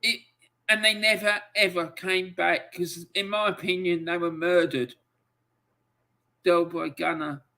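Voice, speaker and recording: A man's voice: sits high, fairly even intonation, a little slow, pushed and bright. A man hosting a football livestream, ranting angrily and emotionally, swearing and reading out chat messages. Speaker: football channel host.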